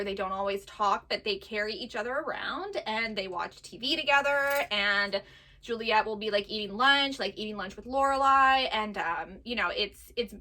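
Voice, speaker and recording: A woman's voice: mid-range voice, sharp tone. A woman in her thirties chatting casually, telling stories with acted-out voices. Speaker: vintage box co-owner. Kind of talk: casual chat.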